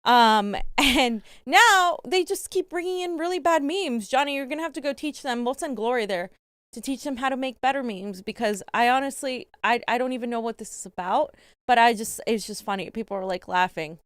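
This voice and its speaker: A woman's voice: fairly high pitch, moderate pace, fairly bright tone, smooth, no echo. A woman co-hosting casual political commentary, blunt and laughing often, swearing freely. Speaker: co-host.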